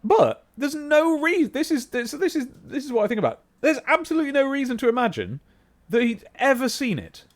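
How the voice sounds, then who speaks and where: A man's voice: very high-pitched, big pitch swings, brisk. A man in his thirties, chatting casually and rambling while live-streaming a game. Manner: rambling, self-interrupting, chatty.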